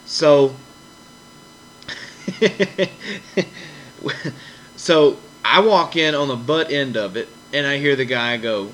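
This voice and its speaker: A man hosting a podcast, telling a story in a casual, animated way and acting out the people in it with raised voices. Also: medium pitch, slow pace, long pauses, slight background noise, low-quality recording. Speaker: podcast host.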